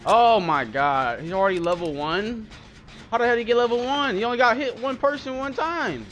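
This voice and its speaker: Excitable young man gaming with a wide-swinging voice. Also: extremely high pitch, fairly quick, soft background music. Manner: excitable, swearing, calls out in panic during chases. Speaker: gaming channel host. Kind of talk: live gameplay commentary.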